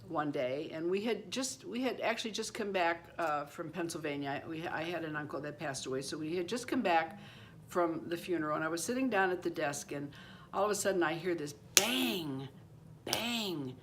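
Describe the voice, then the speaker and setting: Her voice is lowish, and a little hiss or hum sits under it. She's a woman in her seventies hosting her own channel, sharing a true personal story to camera in a rambling way that keeps returning to "anyway" and "you know."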